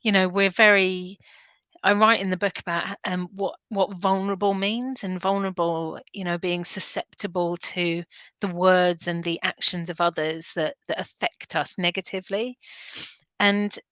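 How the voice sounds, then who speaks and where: A woman's voice: fairly low pitch, steady tone, moderate pace, fairly bright tone, clear, resonant tone, dry recording. A woman in an informal interview, speaking earnestly and animatedly about self-care, with frequent restarts and laughs. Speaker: guest, veterinary nurse and canine behaviourist.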